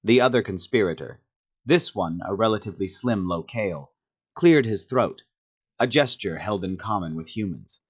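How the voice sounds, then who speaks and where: A man narrating a science fiction audiobook with steady storytelling. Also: on the low side, normal speed, husky, muffled recording. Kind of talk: scripted narration of a sci-fi story.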